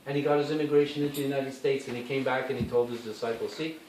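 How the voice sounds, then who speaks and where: A man's voice: medium pitch, fairly even intonation, racing, darkish tone. A Canadian man giving a rambling, informal talk to a gathering at a temple, with lots of asides and restarts. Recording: echoey hall, speaker far from the mic, faint hiss.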